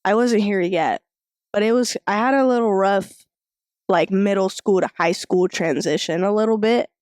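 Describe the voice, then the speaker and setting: A woman's voice: medium pitch, moderate pace, dry recording, studio quality. A young woman guest on a church podcast, a worship singer, chatting loosely with lots of "like". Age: young adult. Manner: relaxed, many "like" fillers, agreeing murmurs. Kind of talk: casual interview chat.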